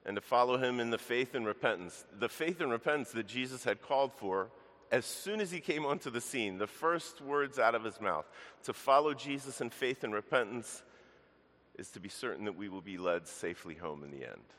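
A man's voice: mid-range voice, lively intonation, fairly quick, a bit bright, long reverb tail. A man pastor preaching a sermon in earnest, addressing the congregation directly as church. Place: church sanctuary.

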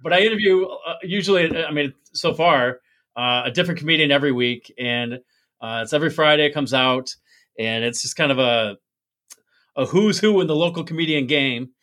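A man who is a guest comedian, chatting casually from home on a video call with self-deprecating dark humor. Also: fairly high pitch, a little fast. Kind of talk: casual chat.

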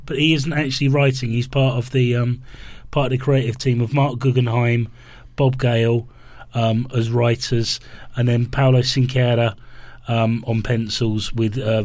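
A man's voice: medium pitch, level tone, measured pace, few pauses, darkish tone, no room sound. Hesitant man reviewing comics. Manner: hesitant, rambling, many ums and restarts. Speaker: podcast co-host. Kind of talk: casual chat and comic review.

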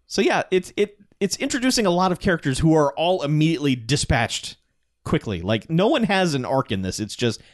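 A man casually recapping a movie plot as a podcast co-host, telling it in animated bursts and laughing often. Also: medium pitch, no room sound, clean studio sound.

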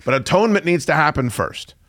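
A man's voice: on the high side, animated, fast, a bit bright, no echo, clean studio sound. A man in his forties hosting a radio show, telling a story in a profane, self-mocking rant. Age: 40s. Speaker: radio host. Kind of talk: casual on-air storytelling.

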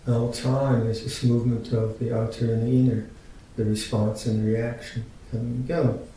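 A man in his sixties, a Buddhist teacher giving a dharma talk, halting and gently humorous. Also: flat delivery. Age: 60s. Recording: very echoey room, mic at a distance, faint rumble.

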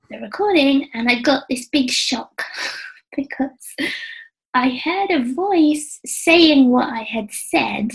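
A woman in her forties with an English accent speaks in a relaxed, chatty way. Her voice sits a little high and sounds young, almost childlike. She tells her story with self-deprecating humour and frequent laughter. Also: creaky, poor audio. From England. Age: 40s. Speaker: business coach. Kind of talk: casual interview. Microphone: headphones with mic.

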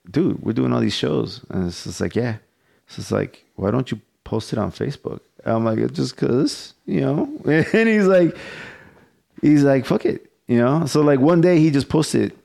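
A man's voice: medium pitch, creaky, darkish tone. A man hosting a podcast in casual chat, rambling and swearing freely as he tells a story, with laughs along the way. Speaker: podcast host.

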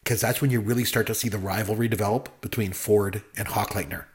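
A man's voice: fairly low pitch, steady tone, quick pace. Chatty man gushing about a film. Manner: enthusiastic, rambling with many fillers. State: married. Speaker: podcast co-host. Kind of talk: casual movie discussion.

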